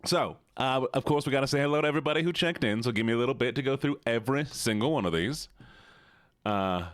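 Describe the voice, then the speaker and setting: A man's voice: medium pitch, fast, dry recording, clean studio sound, natural voice. A male streamer putting on a folksy Southern accent while greeting his chat by name. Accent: Southern US (put on). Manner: chummy drawl, reads off names.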